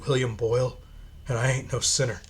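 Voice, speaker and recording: A man voicing a defiant male death-row prisoner with a gruff, defiant manner. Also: medium pitch, level tone, a little fast, a little hiss or hum, lightly acted.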